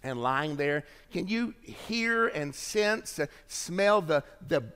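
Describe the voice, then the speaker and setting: Preacher with a fairly high voice, hall reverb. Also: male voice. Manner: dramatic, swings from emphatic to hushed. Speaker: pastor. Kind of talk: sermon. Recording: long reverb of a large hall.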